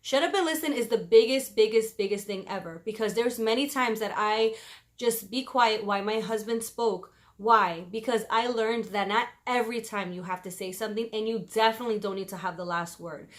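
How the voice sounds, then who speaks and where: Woman vlogger, slightly high voice, loud and passionate, quick to laugh. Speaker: vlogger giving marriage advice. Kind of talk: casual advice vlog to camera.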